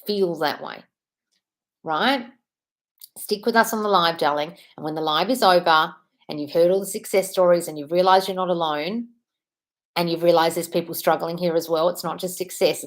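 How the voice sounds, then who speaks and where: A British woman with a somewhat low voice speaks to her live audience. She is earnest and affectionate and keeps calling her viewers darling. She sounds like a coach reassuring people one by one. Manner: affectionate, calls listeners darling, earnest and emphatic. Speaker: manifestation coach hosting a live stream. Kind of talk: live stream Q&A, reading and answering chat.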